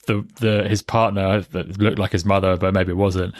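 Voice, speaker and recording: A man's voice: lowish voice, moderate pace, few pauses, no echo, studio quality. A man co-hosting a podcast, telling a swearing, laughing story in casual chat. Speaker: podcast co-host. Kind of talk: casual film review chat.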